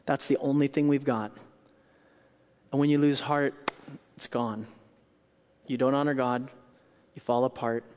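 A man delivering a sermon in a church, acting out the scene he describes. He moves from hushed, quiet passages to sudden loud bursts. His voice has a middle pitch and carries a long hall reverb. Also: measured pace, long pauses, slight background noise. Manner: animated storytelling, acts out scenes with loud outbursts and hushed quotes. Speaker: pastor.

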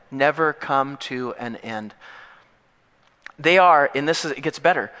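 A male pastor preaching an emphatic sermon, shifting easily between earnest points and playful jokes. His voice sits a little high and sounds bright and forceful. A long reverb trails each phrase, as in a large hall. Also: moderate pace. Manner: animated, joking, emphatic.

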